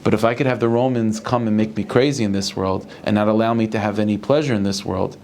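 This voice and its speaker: A male rabbi giving a Torah lecture. He talks in halting bursts, restarting and repeating words as he thinks aloud. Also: on the low side, steady tone, darkish tone, slight background noise.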